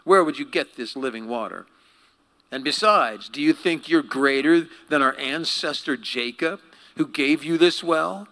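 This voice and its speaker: A man voicing a defensive, pleading Samaritan woman at a well, in a high and loud voice. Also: a little slow. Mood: skeptical.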